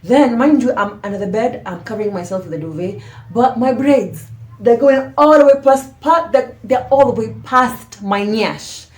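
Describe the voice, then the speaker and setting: With a roomy echo around her, a storytime vlogger speaks to camera in a slangy, casual way, animated and dramatic with occasional hushed asides. Her pitch is on the high side and her pace moderate.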